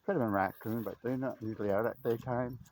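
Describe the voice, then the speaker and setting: A man's voice: mid-range voice, fairly even intonation, quick pace, darkish tone. Chatty man walking his dog outdoors. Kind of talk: casual outdoor walk-and-talk. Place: outdoors on a trail by a river. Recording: faint outdoor noise.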